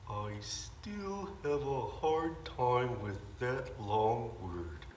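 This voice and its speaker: A cheeky, curious teenage boy sidekick, played by a man who teases and trips over his words. His pitch jumps up and down with a lively swing. The voice sounds roomy, caught from a distance in a hall with faint background hum. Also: extremely slow. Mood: flustered. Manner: playful, teasing, stumbles over words.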